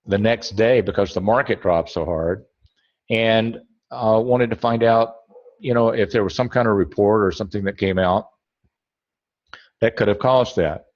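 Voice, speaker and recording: Man, webinar trading instructor, low voice, rambling, self-correcting, dull lo-fi sound. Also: a little mellow. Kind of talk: screen-share trading tutorial.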